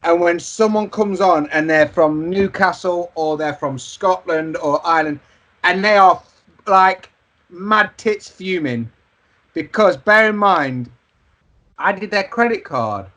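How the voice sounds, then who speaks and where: A man's voice: high voice, slow pace, pushed and bright. A man co-hosting a podcast, telling sweary anecdotes in casual chat. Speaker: podcast co-host.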